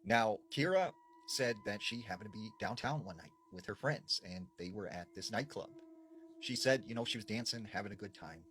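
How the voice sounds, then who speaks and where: A man retelling creepy stories in a dramatic way, sometimes dropping to a hush. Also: lowish voice, lively intonation, normal speed, slight background noise. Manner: dramatic, with sudden drops to a hush. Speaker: storyteller.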